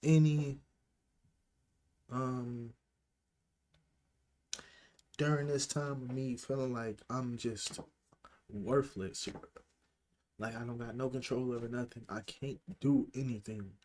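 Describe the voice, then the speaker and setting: A man's voice: medium pitch, steady tone, takes it slowly, long pauses, darkish tone. A young man from Illinois telling a personal storytime, candid and swearing often, emotional and holding back tears. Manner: candid, heavy slang, frequent swearing. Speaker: vlogger.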